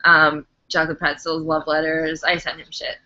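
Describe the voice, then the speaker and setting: A young woman with a New York accent chats on a live stream, quick to tease and full of enthusiasm. Her voice is low for a woman yet bright and crisp-edged. The sound is dull and lo-fi, like a cheap webcam mic. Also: monotone. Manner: chatty, teasing, enthusiastic. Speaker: co-host of a live chat. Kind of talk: casual chat.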